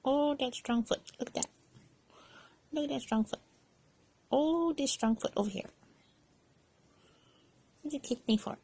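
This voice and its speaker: Slow gravelly-voiced mother in baby talk. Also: sits high. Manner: gentle sing-song baby talk, soft and slow. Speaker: mother talking to her baby.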